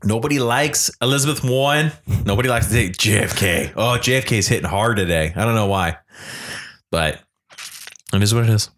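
A man's voice: fairly low pitch, fairly quick, fairly bright tone. A young man co-hosting a podcast, chatting casually, swearing, laughing and trying out impressions. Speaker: podcast co-host. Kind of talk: casual chat.

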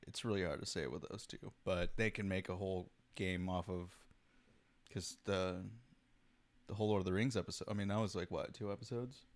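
A man's voice: deep voice, steady tone, a little fast. A man co-hosting a casual chat about games, laid-back, giving short replies and quoting people in put-on voices. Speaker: co-host.

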